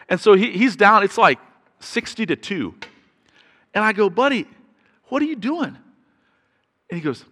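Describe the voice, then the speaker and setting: Man preaching in a reverberant hall. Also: on the high side. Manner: chatty storytelling with restarts, rising loud when excited. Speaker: pastor. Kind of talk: sermon. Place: church sanctuary.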